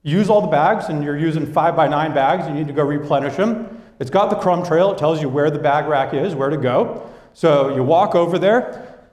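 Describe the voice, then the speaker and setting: Young man, business talk, lively storytelling, slightly high voice, echoey hall. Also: moderate pace. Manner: lively storytelling, acting out quoted coworkers. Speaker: business speaker. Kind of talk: presentation to an audience.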